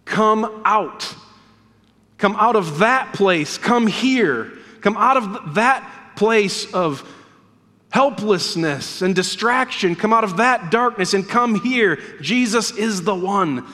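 A man's voice: high voice, expressive, slow pace, sharp tone. A man preaching a sermon in a church as pastor, earnest and emphatic, repeating key words for weight. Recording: long reverb of a church hall.

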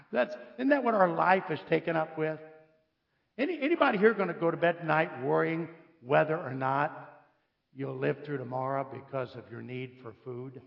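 Speaking at normal speed in a highish voice with vocal fry, a visiting preacher from the United States jokes, tells lively stories and quizzes his congregation. The recording is lo-fi.

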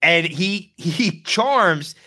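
A man co-hosting a gaming podcast, telling a story with lively acted-out quotes. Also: high voice, drawn-out words. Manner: animated storyteller, acts out quotes. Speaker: podcast co-host. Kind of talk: casual gaming podcast chat.

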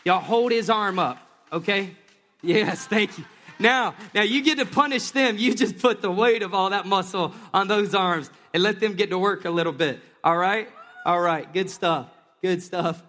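Man preaching, higher-pitched voice, lively asides, long reverb of a church hall. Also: normal speed. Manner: lively, joking asides to stage volunteers. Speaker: pastor. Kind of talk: sermon. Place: church stage.

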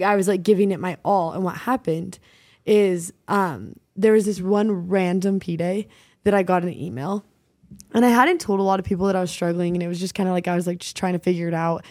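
A woman's voice: medium pitch, a little mellow, no room sound, clean studio sound. A young woman co-hosting a faith podcast, talking heartfelt and rambling with lots of "like" fillers. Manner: heartfelt, rambling, heavy use of "like". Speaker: podcast co-host. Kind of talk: casual faith-based podcast chat.

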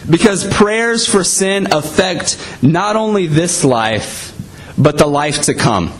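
Slow, lively conversational preacher man. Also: fairly high pitch, poor audio. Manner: conversational, frequent "you know". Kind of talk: sermon.

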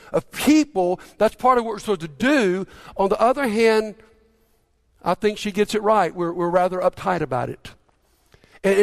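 A middle-aged pastor with a notably high voice delivers a sermon, retelling a story in a chatty, storytelling way. He often stumbles and restarts his sentences and tosses questions out to the congregation. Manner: conversational storytelling with repeated restarts and audience questions.

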